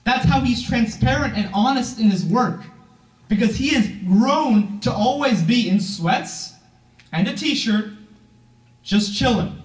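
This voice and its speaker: A man's voice: extremely high pitch, expressive, slow. A teenage boy giving a motivational speech at a corporate event, earnest and emphatic, asking the audience questions. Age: teens. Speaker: youth founder giving a talk. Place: event room, heard from a distance. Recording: echoey room from far off.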